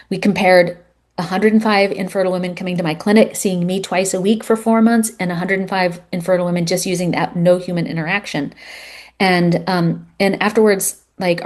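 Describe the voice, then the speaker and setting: Earnest woman telling a story, lowish voice. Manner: earnest, animated storytelling with fillers. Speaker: guest on a health podcast. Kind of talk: storytelling in conversation.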